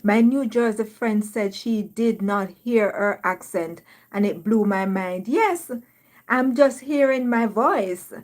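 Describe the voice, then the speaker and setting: A woman's voice: mid-range voice, takes it slowly, a little mellow. A woman from Jamaica with a Jamaican accent, hosting a casual live stream, reading viewer comments aloud and laughing often.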